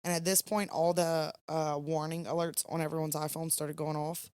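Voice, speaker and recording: A woman's voice: low-pitched, little pitch movement, normal speed, a little mellow, smooth, no echo. Tired woman telling a story. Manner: chatty, rambling storyteller with fillers. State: tired, yawning at 2 AM. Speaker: podcast co-host. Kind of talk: casual late-night storytelling.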